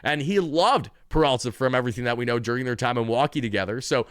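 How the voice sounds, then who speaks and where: Smooth-voiced man hosting sports talk. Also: mid-range voice, quick pace, a bit bright, no echo, clean studio sound. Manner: conversational, opinionated, corrects himself mid-sentence. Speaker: sports channel host. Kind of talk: opinionated sports commentary vlog.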